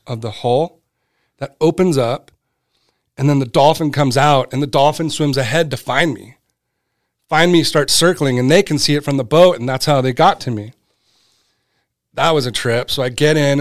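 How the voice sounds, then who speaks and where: A man's voice: medium pitch, no echo, clean studio sound. Man telling a story. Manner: animated, acts out quoted voices. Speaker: guest, brand cofounder. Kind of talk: casual storytelling.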